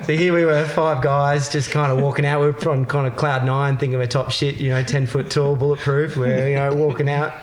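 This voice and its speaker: Australian guest storyteller, rambling and jokey, echoey room. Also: male voice, fairly high pitch, flat delivery, brisk. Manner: laughs through his stories, loose and rambling. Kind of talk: casual storytelling.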